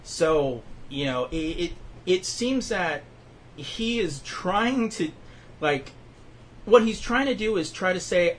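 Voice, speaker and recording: A man's voice: high voice, lively intonation, moderate pace, slight background noise. A man hosting a casual podcast chat, rambling with lots of fillers and restarts. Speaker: podcast host.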